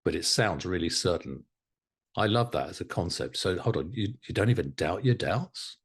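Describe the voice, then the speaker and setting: A man teaching a live online hypnotherapy class, animated and encouraging, often laughing as he talks to students. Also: deep voice, moderate pace, breathy edge. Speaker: hypnotherapy instructor.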